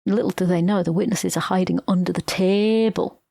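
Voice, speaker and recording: A woman's voice: lowish voice, fairly even intonation, brisk, creaky, warm tone, no room sound, clean studio sound. A woman, co-hosting a podcast and retelling a film plot in casual chat, swearing freely. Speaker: podcast co-host.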